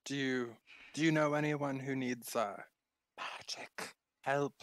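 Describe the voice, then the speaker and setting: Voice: mid-range voice, steady tone, moderate pace, no echo. A player in a tabletop game speaking in character, easygoing and amused. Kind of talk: tabletop role-play.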